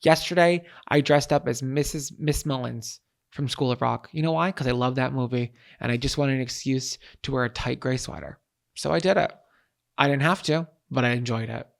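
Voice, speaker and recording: Playful chatty man with a gravelly voice. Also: medium pitch, moderate pace. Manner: playful, chatty, many fillers. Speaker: podcast co-host. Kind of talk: casual comedic chat.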